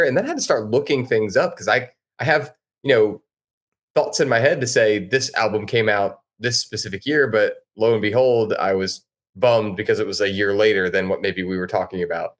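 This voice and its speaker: A man appearing as a guest on a casual podcast, talking eagerly and chattily, sometimes in quick bursts. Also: on the low side. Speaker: podcast guest, band frontman.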